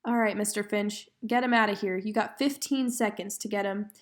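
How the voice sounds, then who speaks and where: Rough men from a small-town mob speak bluntly and a touch louder, as a woman reading puts them on. The voice stays close to her own. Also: medium pitch, steady tone, moderate pace, close to an everyday voice.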